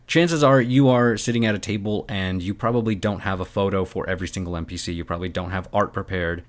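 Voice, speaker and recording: Low-voiced man hosting a tabletop tips lesson. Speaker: game master tips host. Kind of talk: scripted lesson to camera.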